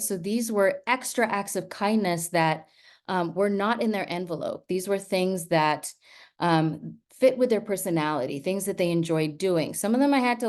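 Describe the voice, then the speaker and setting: A woman who teaches, giving a talk full of stories and often checking in with her listeners. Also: mid-range voice. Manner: lively storytelling with frequent "right?" asides. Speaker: teacher and speaker. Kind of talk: storytelling talk.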